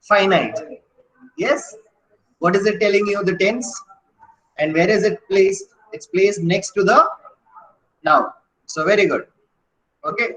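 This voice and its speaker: A male grammar teacher quizzing his class with rapid questions, switching between English, Malayalam and Hindi. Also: sits high, bright, forceful tone. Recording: echoey classroom.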